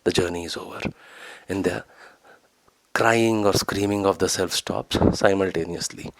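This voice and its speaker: A man's voice: low voice, fairly even intonation, moderate pace, creaky, no echo. A man giving a reflective spiritual talk as a podcast host, earnest and repeating phrases to build emphasis.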